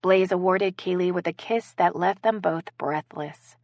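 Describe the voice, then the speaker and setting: A woman narrates a sweet romance audiobook in a lower register. Her delivery is close and dry, with no room sound. She moves between narration and the characters' dialogue, changing pitch and pace for each speaker. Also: measured pace, no room sound, muffled recording.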